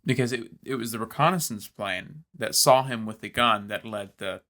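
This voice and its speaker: A man's voice: lowish voice, normal speed, sharp tone. A man co-hosting a podcast in casual film discussion, reflective and hesitant with many fillers. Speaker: podcast co-host.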